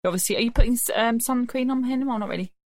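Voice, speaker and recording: Woman co-host, thirties, rapid dry delivery, close dry sound. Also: fairly high pitch, darkish tone, no echo. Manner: brisk, dry storyteller who swears for comic effect. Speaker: podcast co-host. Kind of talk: casual chat.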